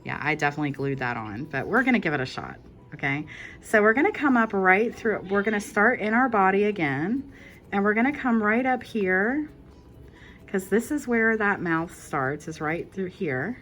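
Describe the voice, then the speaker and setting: A woman's voice: medium pitch, lively intonation, normal speed, a bit bright, a little hiss or hum. A woman hosting a casual crochet tutorial, walking through each step in a chatty, reassuring way and correcting herself as she goes.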